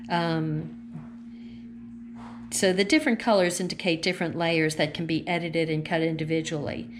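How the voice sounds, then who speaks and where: A woman with a lowish voice talks slowly and chattily, gushing over each page of a craft catalog as she thinks aloud. She sounds relaxed and unscripted, recorded at home with a faint hiss of noise behind her. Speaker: consultant showing a craft catalog. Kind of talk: casual catalog walkthrough vlog.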